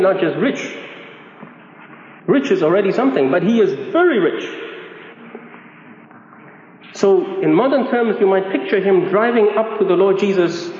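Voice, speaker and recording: A man's voice: high-pitched, a little mellow, slight background noise. A man preaching a sermon in a conversational, emphatic way, repeating key phrases. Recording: echoey hall, dull sound.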